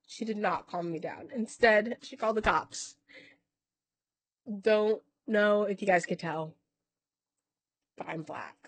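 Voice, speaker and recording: A woman at a medium pitch talking to camera in a casual, rambling way, often stopping to correct herself and dropping the odd swear word. The sound is close and dry, with no room around her. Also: slow pace, long pauses, no room sound. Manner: acts out other people's lines in quoted voices. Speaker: vlogger.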